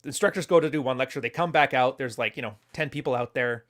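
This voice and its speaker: A man's voice: medium pitch, fast talker, fairly bright tone. A man hosting a casual livestream, telling a story in a blunt, profane way. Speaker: commentary host.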